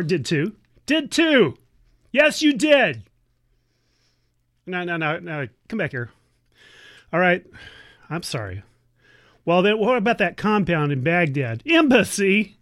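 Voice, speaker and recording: A woman playing an exasperated family member who scolds her warmongering uncle in a sarcastic, nagging, teasing radio sketch. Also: mid-range voice, close to an everyday voice. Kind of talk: satirical radio monologue.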